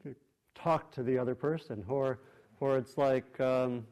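Speaking at a middle pitch with a steady tone, a meditation teacher gives a dharma talk in a meditation hall. He's gentle and thoughtful, frequently pausing and restarting phrases as he searches for the right words.

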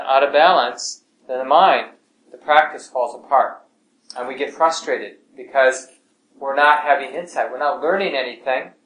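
A man guides a meditation class in a calm, unhurried voice of middle pitch, often letting his words fade quietly. The recording sounds roomy, with a faint hiss underneath. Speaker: meditation teacher. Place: class room at a meditation center.

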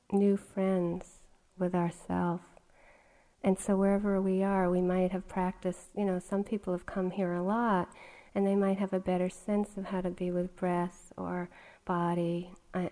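A middle-aged woman gives a dharma talk at a meditation retreat. Her voice is mellow and warm. She speaks gently and conversationally and often says "you know". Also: fairly low pitch. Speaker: meditation teacher.

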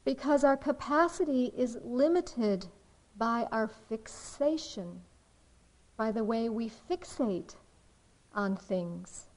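A woman meditation teacher giving a dharma talk in a slow, reflective way, with soft pauses. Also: fairly high pitch, expressive, poor audio.

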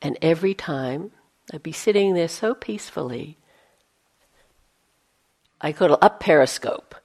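A woman with a slightly low voice gives a dharma talk as a meditation teacher. She keeps it conversational, with playful self-mocking asides. At times she drops to a near-whisper to voice her inner thoughts. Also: animated, unhurried, a little mellow, slightly rough.

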